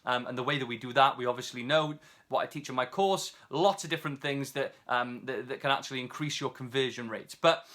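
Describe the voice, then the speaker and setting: A British man giving a casual video tutorial as an online seller, talking quickly with many fillers and restarts. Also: mid-range voice, pushed and bright. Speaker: online seller teaching a course.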